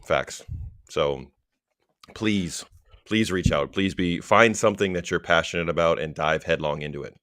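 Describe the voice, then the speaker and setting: Man, podcast co-host, very deep, encouraging, dry close-mic sound. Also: moderate pace, no room sound. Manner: sincere and encouraging, steady delivery. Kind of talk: casual podcast talk.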